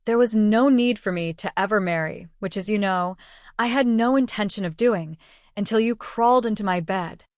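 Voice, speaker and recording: A man's voice: high voice, moderate pace, no echo, clean studio sound, natural voice. A woman reading an audiobook, voicing a languid, teasing roguish noble husband.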